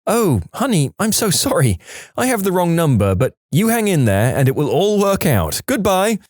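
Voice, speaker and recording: A man's voice: sits high, huge pitch swings, normal speed, darkish tone, dry recording, clean studio sound, voice pushed up, full character voice. A man voicing a kind, motherly older woman who consoles a stranger. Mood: consoling.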